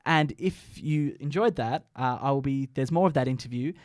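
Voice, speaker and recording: A man's voice: mid-range voice, moderate pace, no room sound, clean studio sound. A man presenting a student radio show, talking with hesitant uhs. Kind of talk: radio links.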